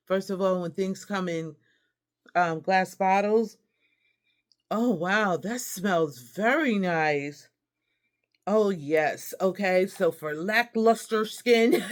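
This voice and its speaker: Chatty woman showing off a haul. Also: mid-range voice. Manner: chatty and warm, addresses viewers as y'all, laughs often. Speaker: host. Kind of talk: casual haul vlog chat.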